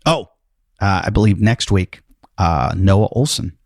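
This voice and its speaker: A man's voice: low voice, animated, unhurried, gravelly, a little mellow, no room sound, studio quality. A man hosting a casual podcast, rambling through his intro with lots of fillers and self-mocking asides. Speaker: podcast host.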